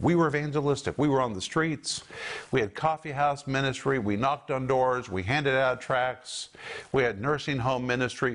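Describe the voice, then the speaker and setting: A middle-aged man preaches with a steady, mid-range voice. His manner is emphatic and preacherly, and he hammers his key phrases home through repetition. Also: medium pitch. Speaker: Bible teacher. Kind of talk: broadcast sermon teaching.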